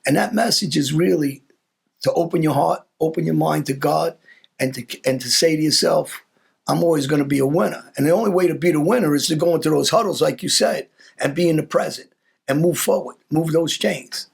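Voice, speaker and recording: A man's voice: a little high, brisk, creaky, husky. A male host speaking earnestly and bluntly, with strong opinions and repeated words. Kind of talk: casual conversation.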